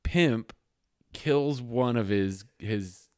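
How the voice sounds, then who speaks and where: A man co-hosting a podcast in casual chat, an excitable storyteller with crude humor. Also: mid-range voice, extremely slow, smooth, dry recording, studio quality. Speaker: podcast co-host.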